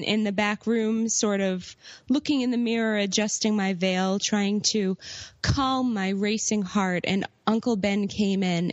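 A woman co-hosting a podcast, telling an improvised comic story in a mock-dramatic, halting way. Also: medium pitch, no room sound, lo-fi sound. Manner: mock-dramatic, hesitant with fillers. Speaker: podcast co-host.

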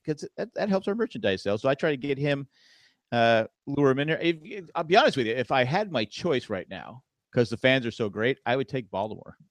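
A man's voice: mid-range voice, sing-song, fairly quick, few pauses, dry recording. A man co-hosting a casual podcast, joking and rambling with lots of restarts about sports. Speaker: podcast co-host.

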